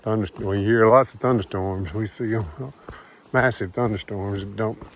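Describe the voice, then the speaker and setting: A man's voice: lowish voice, fairly even intonation, normal speed, a little hiss or hum. A man from the American South, narrating a casual hiking vlog outdoors as he walks, rambling and chuckling to himself. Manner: rambling, chuckling, talks to himself while walking. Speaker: thru-hiker vlogger. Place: outdoors on a mountain hiking trail.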